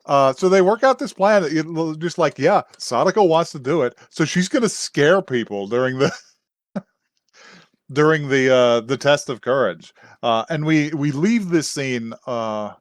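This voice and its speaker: A man recaps an anime episode in relaxed podcast banter. His voice sits at a middling pitch, recorded dry and close with no room sound. He laughs often and slips into little acted quotes between many fillers. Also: no echo. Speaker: podcast co-host.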